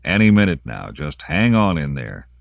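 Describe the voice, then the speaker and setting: A man's voice: a bass voice, very animated, normal speed, creaky, no room sound, narrow, tinny audio, exaggerated voice. A man voicing a curt, commanding male corporal giving orders.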